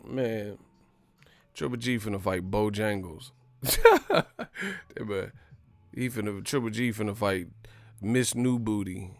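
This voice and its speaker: A man's voice: fairly low pitch, slow, long pauses, dry recording. A man hosting a live stream, ranting in casual, slangy, profane commentary. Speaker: boxing live stream host.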